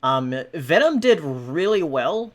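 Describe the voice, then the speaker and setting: A man's voice: a little high, sing-song, slow pace. Hesitant man hosting a podcast. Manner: hesitant, many ums and restarts. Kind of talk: casual podcast chat.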